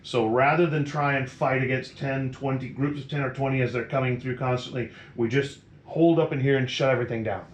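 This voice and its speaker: A man's voice: medium pitch, steady tone, a little fast, few pauses, natural voice. A man voicing a weary, battered dwarf leader. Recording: roomy echo, faint noise.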